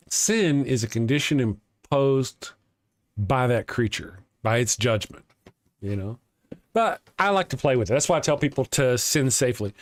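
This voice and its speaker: A man's voice: medium pitch, dry recording, studio quality. A man with a Texas accent hosting a casual atheist morning livestream. He rambles, chuckles often and restarts his sentences while reading viewer comments.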